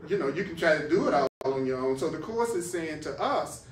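Man, spiritual teacher, emphatic, slightly high voice, distant mic, echoey room. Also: expressive, fairly quick, a little hiss or hum. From United States. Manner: emphatic, repeats phrases for stress. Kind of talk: lively class teaching.

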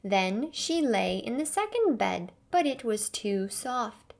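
A woman reading a fairy tale aloud slowly and carefully for English learners. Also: a little high, very animated. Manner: clear, careful storybook reading. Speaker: English teacher reading a story.

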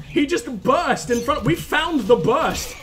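A man's voice: very high voice, expressive, takes it slowly, fairly bright tone, faint music behind. A young man commentating his own gameplay, self-mocking and swearing, with sudden yelps when he fails. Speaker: gaming channel host. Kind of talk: let's play commentary.

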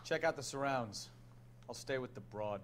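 A man's voice: medium pitch, normal speed, fairly bright tone, slight background noise, lightly acted. A man voicing a blunt, wry detective partner in a video game. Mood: gruff. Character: gruff male detective partner.

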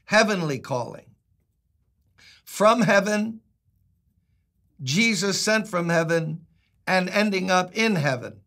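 A man's voice: fairly high pitch, lively intonation, slow pace, pauses often, fairly bright tone. An older man with a New York accent, a pastor giving a chatty, emphatic Bible teaching with jokes along the way. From Brooklyn, New York.

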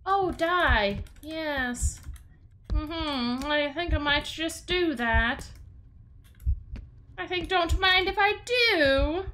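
A woman's voice: sits high, animated, extremely slow, bright, forceful tone, a little hiss or hum. Jumpy, swearing woman gaming streamer. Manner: jumpy, swears, talks to herself and chat. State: tense and sweaty. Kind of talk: horror game playthrough commentary.

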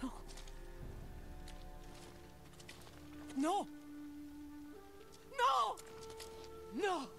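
A woman's voice: extremely high pitch, big pitch swings, drawn-out words, gravelly, music in the background, full character voice. Yuna, an anguished young warrior woman. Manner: anguished, crying out. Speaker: video game character.

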